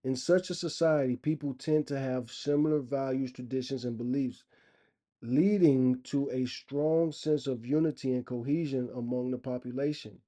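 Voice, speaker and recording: Man, vlogger, casual rant, opinionated, very dark tone, mid pitch. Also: fairly even intonation, moderate pace. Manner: rambling, opinionated, loose and conversational.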